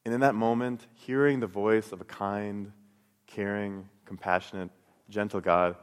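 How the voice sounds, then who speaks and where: A man's voice: fairly low pitch, fairly even intonation, a little slow, clear, resonant tone. A middle-aged man telling his personal faith testimony and teaching, earnest and storytelling, often repeating words as he goes. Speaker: Christian speaker. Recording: long hall reverb.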